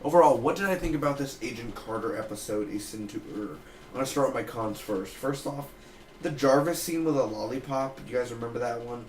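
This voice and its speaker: A man giving a loose, chatty review of a TV episode, retelling scenes with quick quoted asides. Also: medium pitch, roomy sound, slight background noise. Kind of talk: casual solo review.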